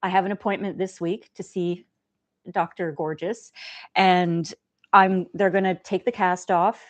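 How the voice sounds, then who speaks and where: Gentle chatty woman livestream host. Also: fairly low pitch. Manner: gentle, chatty, laughs often. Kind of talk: casual livestream chat.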